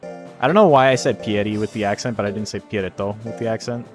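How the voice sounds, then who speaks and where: A man's voice: lowish voice, quick pace. A man hosting a live stream of a game tournament. He rambles casually, jokes and swears freely between calls of the action. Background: faint background music.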